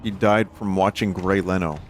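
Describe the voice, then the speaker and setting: A man's voice: low voice, fairly even intonation, normal speed, music in the background. A man in his thirties giving casual, dry-humored commentary while playing a video game and talking to his chat. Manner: dry, joking, talks to chat. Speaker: streamer.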